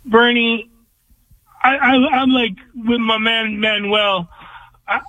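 A man's voice: very high-pitched, little pitch movement, takes it slowly, bright, forceful tone, no room sound. A male caller from California on a sports show, talking bluntly and emphatically in a rant. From Orange, California. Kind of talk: phone-in rant. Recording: tinny dry phone line.

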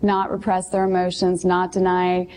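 A woman in an interview clip talks earnestly and at a measured pace. Her voice sits low and stays fairly flat. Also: a little hiss or hum.

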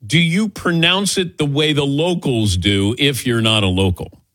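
A man's voice: mid-range voice, unhurried, a bit bright, dry recording. A man hosting a sports radio show, chatting casually and laughing easily with his crew.

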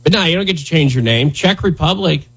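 A man's voice: fairly high pitch, lively intonation, fast, fairly bright tone, slightly rough. A man in his thirties hosting a podcast in casual comedic chat, sarcastic and rambling with jokey asides. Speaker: podcast host.

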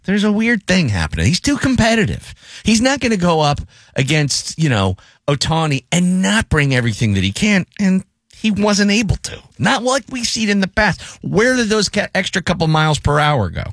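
A male sports talk host with a wry, joking delivery and a voice that rises and falls in lively swings. He sounds close to the mic in a dry, dead room. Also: high voice, no room sound. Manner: animated, wry, quick with jokes.

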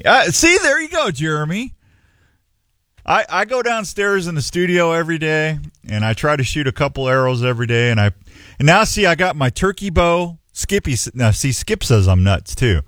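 A man's voice: mid-range voice, animated, normal speed, fairly bright tone, dry recording. Man, middle-aged, radio host, casual rambling chat, folksy, dry close studio sound. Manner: rambling, folksy, self-mocking.

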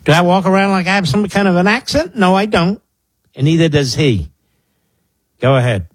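Sarcastic talk radio guy in his 60s, philly-raised, husky voice, dead dry studio sound. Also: high voice, animated, normal speed, no room sound. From Philadelphia area, US. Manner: sarcastic, mocking asides to his producer. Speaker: radio talk show host. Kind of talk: political talk radio commentary.

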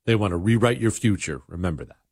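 A man's voice: fairly low pitch, lively intonation, fast talker, vocal fry, darkish tone, husky, dry recording, studio quality. Blunt, emphatic male talk radio host. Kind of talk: opinionated radio monologue.

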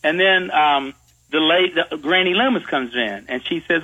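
A man, a commercial music producer, telling stories in an interview in an animated way, often laughing. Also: a little high, moderate pace, breathy edge, highs cut off. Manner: animated, laughing storyteller with frequent fillers. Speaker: guest, jingle producer. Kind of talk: storytelling interview.

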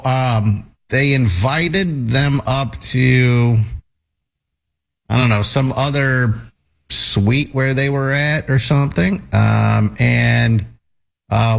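A man's voice: mid-range voice, vocal fry. A man in his thirties, a talk show regular, telling a casual anecdote in a rambling way with many fillers and restarts.

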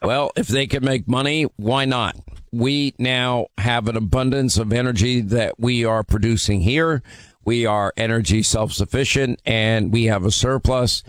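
A man hosting a call-in radio talk show, speaking in a forceful, emphatic way with frequent fillers. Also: medium pitch, steady tone, measured pace, no room sound. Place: radio studio.

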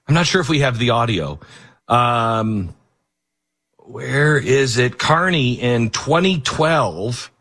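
A husky man hosts a casual talk show, pitch leaping up and down as he mocks what he reads. He laughs at his own jokes and riffs loosely between reading out stories. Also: animated, slow, a bit bright. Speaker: show host.

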